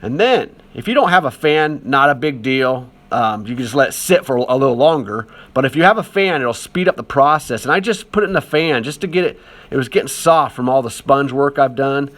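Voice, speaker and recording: A man's voice: medium pitch, expressive, brisk, a bit bright. Male art teacher with a mid-range voice, chatty, easygoing voice-over. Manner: chatty and encouraging, lots of fillers. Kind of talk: casual voice-over demonstration.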